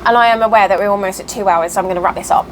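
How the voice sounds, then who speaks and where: A woman vlogger telling a long personal story in casual chat, animated and exasperated. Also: medium pitch, racing, a little hiss or hum, rough recording. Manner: animated, exasperated, acts out quoted voices. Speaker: cross-stitch vlogger.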